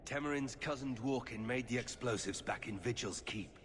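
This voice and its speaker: A man's voice: medium pitch, moderate pace, a bit bright, a little hiss or hum, natural voice. An actor playing an earnest, formal male expedition leader in a video game. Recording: game audio with long reverb.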